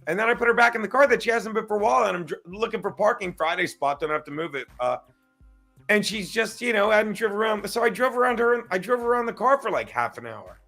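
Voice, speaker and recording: A man with a high, bright, sharp voice, calling in over a video call. He tells a rambling story in casual chat, swearing freely and acting out what people said to him. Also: expressive, quick pace, gravelly, soft background music. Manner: rambling storytelling, swears often, acts out quotes. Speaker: drop-in guest. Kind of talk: casual chat on a live stream.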